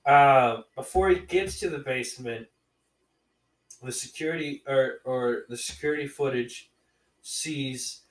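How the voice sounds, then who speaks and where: A man's voice: mid-range voice, unhurried, reverberant, recorded from a distance, poor audio. A man casually retelling a movie plot on a podcast, rambling with many restarts. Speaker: podcast co-host reviewing movies.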